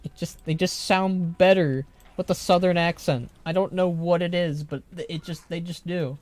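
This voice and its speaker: Man streaming a game, higher voice, smooth and clear, dry close mic, chatty and joking. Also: fairly even intonation, moderate pace, a little mellow. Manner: reads game text aloud, chatty and joking. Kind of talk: live gameplay commentary.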